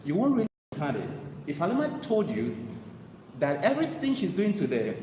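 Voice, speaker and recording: A man giving a motivational talk to an audience, telling stories and pitching his mentorship. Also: fairly quick, highs cut off, slight background noise. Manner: animated storytelling, sales pitch. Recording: echoey hall with long reverb.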